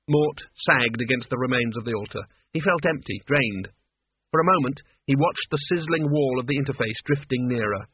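A man narrating a story aloud with expressive storytelling. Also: mid-range voice, normal speed, slightly rough. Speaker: audiobook narrator. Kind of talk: scripted narration. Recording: tinny phone-like dry audio.

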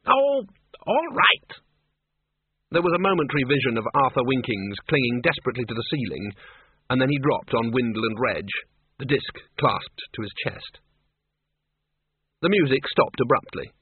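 A man's voice: medium pitch, normal speed, breathy edge, no echo. Male audiobook narrator on a tinny line. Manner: animated, lively. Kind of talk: audiobook reading with character voices. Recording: tinny phone-like dry audio.

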